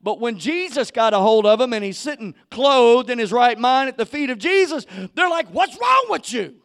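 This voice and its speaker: High-voiced fiery preacher man. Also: lively intonation, moderate pace, clear, resonant tone. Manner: fiery, builds to shouting; casual street slang, acts out quoted people. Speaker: pastor. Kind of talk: sermon.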